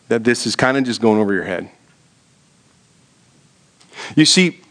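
A pastor delivering a sermon, telling a story in a hushed, low voice and then rising to an urgent, high preaching tone. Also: male voice.

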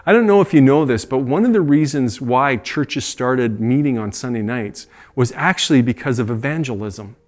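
A man's voice: mid-range voice, animated, normal speed, hardly any pauses. A middle-aged man preaching a sermon as a pastor, earnest and conversational, with asides and self-corrections.

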